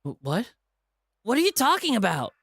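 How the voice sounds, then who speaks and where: A man voicing a frightened young male lynx who speaks in a high, frantic voice. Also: wildly swooping pitch, measured pace, breathy edge, no echo, studio quality, full character voice. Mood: confused.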